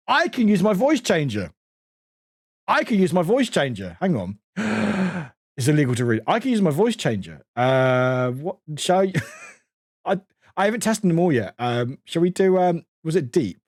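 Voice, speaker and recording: A man from the UK commentates on his game in casual stream chat. His voice sits slightly high and moves around a lot in pitch. He laughs often and drops the odd swear word. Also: very animated, unhurried, dry recording, clean studio sound.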